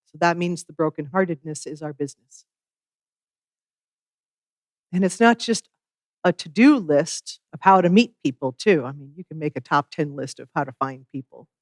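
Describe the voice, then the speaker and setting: Minister preaching, calm and thoughtful, bit of wry humor, mid pitch, dry sound. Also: moderate pace, long pauses, no room sound. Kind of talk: sermon.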